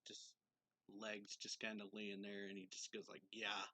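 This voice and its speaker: A man's voice: on the low side, completely flat delivery, moderate pace, sharp tone. A young man casually recapping a manga chapter as a reviewer, rambling with lots of fillers. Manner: rambling, filler-heavy with 'like' and 'and so'.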